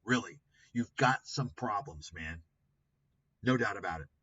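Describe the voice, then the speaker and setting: A man's voice: fairly low pitch, lively intonation, a little slow, pushed and bright, a little hiss or hum. Profane, combative man ranting. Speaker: commentary livestream host. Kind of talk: ranting commentary on clips. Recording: dull lo-fi stream audio.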